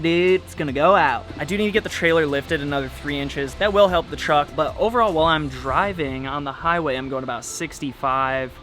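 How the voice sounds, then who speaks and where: A man's voice: on the high side, sharp tone. Playful man vlogging to camera. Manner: playful, joking asides. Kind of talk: casual talk to camera. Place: home, bathroom and truck with travel trailer.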